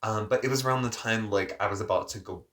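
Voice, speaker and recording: A man's voice: fairly low pitch, quick pace, sharp tone. A young adult man telling a story in a casual, chatty vlog style, full of filler words. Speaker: vlogger.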